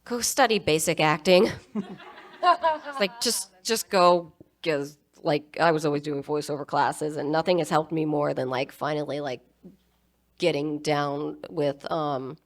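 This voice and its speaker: A woman on a convention panel telling stories with many fillers and restarts, but with enthusiasm. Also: sits low. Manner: halting, filler-heavy, enthusiastic. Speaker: voice actor panelist. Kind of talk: casual convention panel storytelling.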